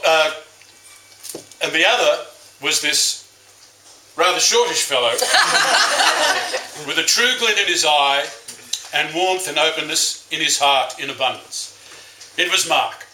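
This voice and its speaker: A man's voice: on the high side, lively intonation, takes it slowly, long pauses, background noise. A man giving a best man's speech, telling fond stories with wry jokes. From Australia. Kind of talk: wedding speech. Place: wedding reception room. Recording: echoey reception room.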